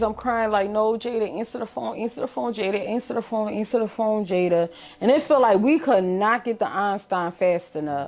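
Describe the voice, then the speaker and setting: Grieving Philadelphia mother, halting speech. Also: mid-range voice, darkish tone. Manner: halting, emotional retelling with many restarts. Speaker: bereaved mother. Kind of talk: documentary interview testimony.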